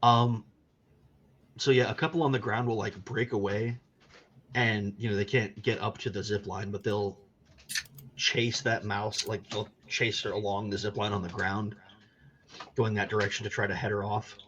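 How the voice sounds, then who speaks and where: A man's voice: fairly low pitch, little pitch movement, moderate pace, a bit bright, highs cut off, a little hiss or hum. A man narrating as game master of a tabletop game, in a laid-back, rambling way.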